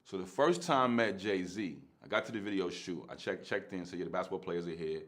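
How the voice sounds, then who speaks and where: A man's voice: low-pitched, brisk, a bit bright. A man, telling a story in casual, slangy street talk and laughing often.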